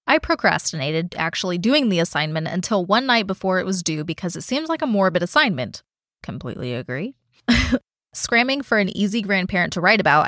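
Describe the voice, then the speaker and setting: A woman's voice: on the low side, fairly bright tone, dry recording, clean studio sound. A young woman in her twenties co-hosting a podcast, reading listener stories aloud and cutting in with blunt, profane reactions. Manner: blunt, swears freely, interrupts her own reading with reactions. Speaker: podcast co-host.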